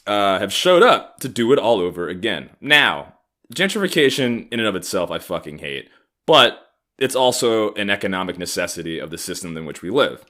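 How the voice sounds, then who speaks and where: A man in his thirties rants on his comedy podcast with sarcastic, profane anger. His low voice is bright and edgy, swinging widely up and down as he fumes. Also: very animated, moderate pace. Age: 30s. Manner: angry, profane, sarcastic ranting. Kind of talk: ranting comedic monologue.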